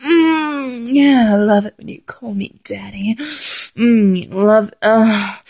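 A woman performing an intimate adult audio role-play in a dominant voice, murmuring, moaning and half-whispering close to the mic. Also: on the high side. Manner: dominant, breathy murmuring with frequent moans and half-whispered lines.

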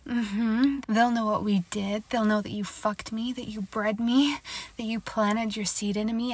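Breathy, higher-pitched woman in intimate role-play. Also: fairly even intonation, measured pace, no echo. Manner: soft, affectionate, often laughing between phrases; drops into breathy whispers at times. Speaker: audio role-play performer.

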